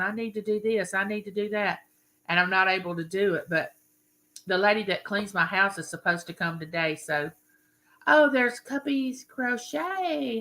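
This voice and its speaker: Older woman, live-stream host, bright, rambling and chatty. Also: mid-range voice, rough recording. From Mississippi. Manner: friendly, greets viewers by name, rambling.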